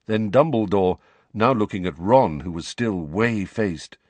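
A man's voice: on the low side, lively intonation, unhurried, darkish tone, no echo. A man narrating an audiobook expressively, shifting his voice for the characters.

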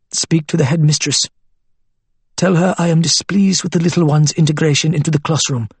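A patient, soft-spoken elderly grandfather in a storybook, voiced by a man, measured and firm beneath the gentleness. The voice sits a little high with a breathy edge and a dry, close sound. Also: no room sound.

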